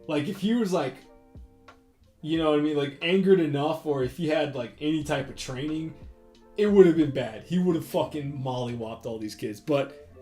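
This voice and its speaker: A man's voice: a little high, normal speed. A man telling a rambling, profane anecdote in casual chat while he draws, full of fillers and retold dialogue. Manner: profane, rambling, animated retelling with many fillers. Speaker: artist hosting a drawing stream. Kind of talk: casual storytelling while drawing. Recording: roomy echo with faint guitar music.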